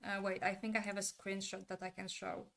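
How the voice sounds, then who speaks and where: A woman's voice: mid-range voice, level tone, brisk, gravelly, a bit bright. A woman streaming a casual commentary, opinionated and blunt, with the odd swear word.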